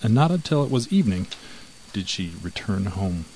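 A man narrating a fairy-tale audiobook in measured storytelling. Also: on the low side, big pitch swings, a little mellow, slight background noise, rough recording.

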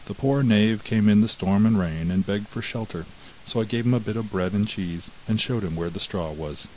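A man voicing a deceitful, flustered miller's wife who speaks in a hurried, pleading way, with his low voice. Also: darkish tone, slight background noise, close to an everyday voice, low-quality recording.

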